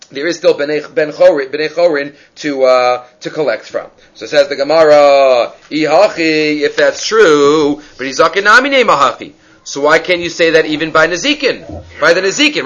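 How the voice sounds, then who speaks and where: A man's voice: fairly high pitch, bright, forceful tone, lo-fi sound. A man giving a Talmud study lecture, explaining step by step and asking and answering his own questions. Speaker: Talmud teacher.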